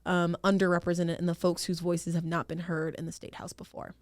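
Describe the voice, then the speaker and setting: A young woman from Rhode Island giving candid, animated interview answers as a state senator. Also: fairly low pitch, a little fast, no echo, studio quality. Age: young adult. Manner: candid, animated, laughs often.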